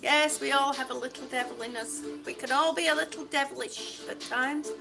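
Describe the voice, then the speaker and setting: High-voiced chatty woman walking and talking. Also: fairly even intonation, a little fast, vocal fry. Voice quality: rambling, chatty, self-described waffler. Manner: laughs often, talks while walking. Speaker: livestream vlogger. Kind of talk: casual livestream chat while walking. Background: background music.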